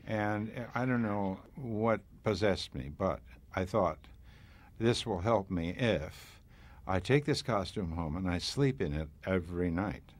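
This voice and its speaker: A male actor telling stories from a film shoot in an interview, acting out both sides of an argument. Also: fairly low pitch. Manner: animated, acts out an argument. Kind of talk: interview anecdote.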